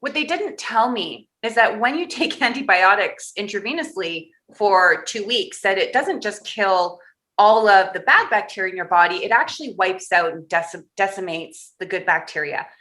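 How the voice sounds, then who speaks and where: A woman's voice: mid-range voice, lively intonation, moderate pace, sharp tone. A woman guest on a podcast interview, telling a personal story candidly and with animation, often laughing through hard memories.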